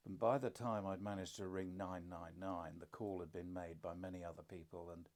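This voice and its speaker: Older man with a deep, dry storytelling voice. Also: steady tone, brisk, darkish tone. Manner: dry self-deprecating humour, reflective storytelling. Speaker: podcast co-host, father. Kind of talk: casual conversation.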